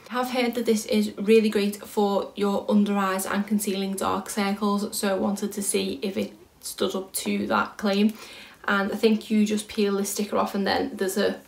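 A woman's voice: mid-range voice, creaky. A young British woman chatting casually through a beauty haul, thinking aloud as she works out prices. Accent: British English. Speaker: beauty vlogger. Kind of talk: casual product haul chat. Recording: echoey room.

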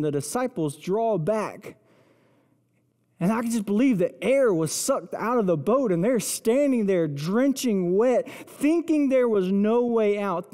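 A pastor preaching a sermon, retelling scripture vividly and dropping to hushed intensity for emphasis. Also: mid-range voice. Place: church sanctuary. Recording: long reverb of a large church hall.

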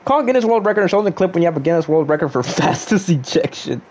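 A man's voice: on the high side, expressive, fast talker, a little mellow, a little hiss or hum. A young man casually chatting on a gaming livestream, reading viewers' chat aloud and joking back at them.

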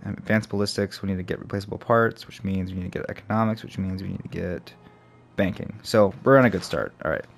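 A man's voice: deep voice, fast talker, gravelly. A young man giving casual let's play commentary, thinking aloud and swearing as he plays. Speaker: gamer. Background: faint game music.

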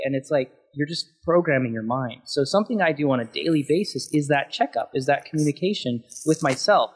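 A man's voice: a little high, animated, brisk, few pauses, slightly rough. A man speaking as a guest on an interview podcast, passionate and emphatic as he talks through his thoughts.

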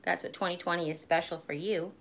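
A woman in her forties with a fairly low voice talks to her viewers in a loose, rambling way. She chats casually and laughs easily as she goes. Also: steady tone, fairly quick, a bit bright, slight background noise. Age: 40s. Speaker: vlogger hosting a live stream. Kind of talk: casual live-stream chat.

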